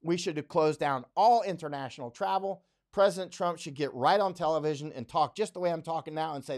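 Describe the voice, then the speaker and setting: A man's voice: on the high side, a little fast, few pauses, a little mellow. A middle-aged man hosting a live stream, talking bluntly and emphatically, often repeating himself to drive a point home. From United States. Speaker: livestream host. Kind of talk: unscripted live commentary.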